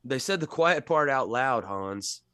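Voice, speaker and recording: A man in casual podcast chat about a film, making wry, deadpan remarks. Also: mid-range voice, a little slow, clean tone, no echo, clean studio sound.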